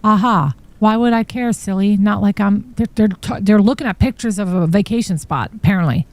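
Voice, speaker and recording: A woman's voice: medium pitch, brisk, a little mellow, dry recording. Woman reacting to trial evidence. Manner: reads texts aloud with shocked asides. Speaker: true crime podcast host. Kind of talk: live-stream commentary reading trial exhibits.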